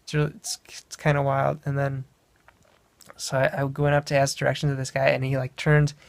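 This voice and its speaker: A man's voice: mid-range voice, monotone, brisk, vocal fry, no echo. A young man from Wisconsin, casually telling a travel story in a meandering way, often correcting himself. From Wisconsin, USA. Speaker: vlogger.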